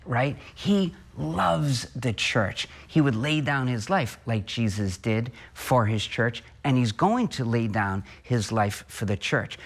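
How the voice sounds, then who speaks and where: A man preaching a homily as a priest, earnest, asking and answering his own questions and slowing down on key phrases. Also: medium pitch.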